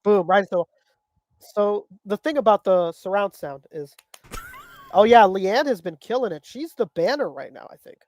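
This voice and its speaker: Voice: mid-range voice, expressive, normal speed, a little mellow. A podcast co-host in casual chat, enthusiastic and slangy in his banter.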